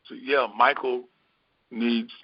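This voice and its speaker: A middle-aged man giving a reflective metaphysical Bible teaching, unhurried and repetitive, musing aloud. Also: mid-range voice, flat delivery, no room sound. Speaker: spiritual teacher. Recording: dull, dry lo-fi recording.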